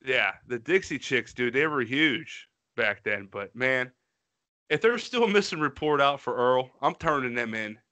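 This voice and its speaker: A man's voice: medium pitch, expressive, a little slow, pushed and bright, no echo. A man co-hosting a podcast in casual chat, mocking songs with a profane, rambling manner. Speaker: podcast co-host.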